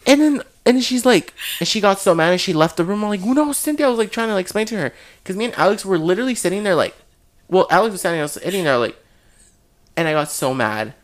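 A young man telling a story in casual chat with friends, animated and swearing, talking in fast bursts. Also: high voice.

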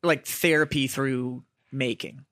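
A man's voice: medium pitch, steady tone, slow pace, a bit bright, no echo. A man co-hosting a podcast, bantering loosely and trailing off mid-sentence. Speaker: podcast co-host. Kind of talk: casual banter.

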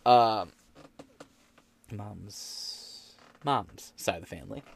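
A man's voice: lowish voice, very slow, gravelly. A man hosting a podcast, giving a profane, sarcastic, rambling rant of political commentary. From United States. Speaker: podcast host.

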